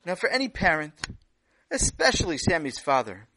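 Animated man telling a children's story. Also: medium pitch, measured pace, dry recording, rough recording. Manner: animated, self-joking asides, stammers. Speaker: storyteller, lecturer.

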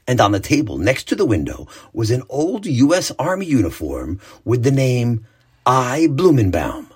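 A man narrating a children's story in an expressive, animated read-aloud way. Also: mid-range voice, slightly rough.

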